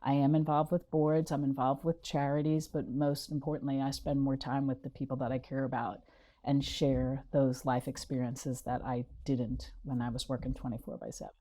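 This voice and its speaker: A middle-aged woman, a guest in an interview, telling her story in a lively way and acting out what others said. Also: rumbling low, normal speed. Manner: animated storyteller acting out quotes.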